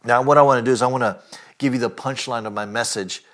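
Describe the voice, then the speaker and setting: A man preaching a sermon, earnest and emphatic, often asking his listeners direct questions and filling pauses with "uh" and "you know". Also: mid-range voice, steady tone, a bit bright. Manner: earnest preaching with rising emphatic lines and frequent fillers. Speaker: pastor.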